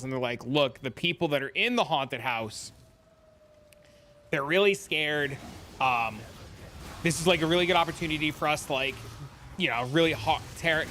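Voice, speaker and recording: A young man with a New Jersey accent, a streamer telling a story to his chat in a casual, profane, animated way. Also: a little hiss or hum. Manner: animated, profane, gets loud and high when retelling arguments.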